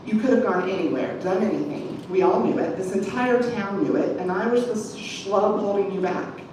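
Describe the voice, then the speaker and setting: A woman's voice: mid-range voice, moderate pace, natural voice. A woman reading aloud voices an upset young man who insists and pleads in a raised voice. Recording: echoey room from far off, background noise.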